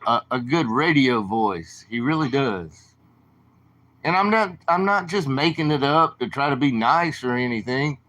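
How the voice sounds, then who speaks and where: A man's voice: fairly high pitch, a bit bright. A man with a southern drawl, rambling casually to viewers on his late-night livestream. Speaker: livestream host.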